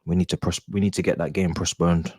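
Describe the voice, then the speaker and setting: A man's voice: low-pitched, little pitch movement, quick pace, a little mellow, breathy edge, dry recording. A young man, streaming a football watch-along and reacting with sighs, swearing and exasperated grumbling. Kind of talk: live match reaction.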